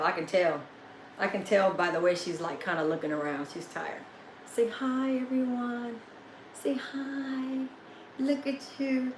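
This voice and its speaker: A woman hosts a relaxed home livestream. She laughs often and slips into baby talk with her dog. The sound is echoey, with a faint hum of room noise behind her. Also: fairly low pitch. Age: 50s. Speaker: vlogger hosting a live chat. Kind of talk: casual livestream chat.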